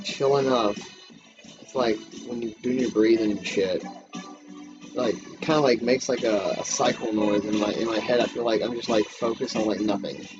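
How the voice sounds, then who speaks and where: A man's voice: mid-range voice, lo-fi sound. A man hosting a podcast in casual chat, rambling and profane with lots of filler words. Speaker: podcast host.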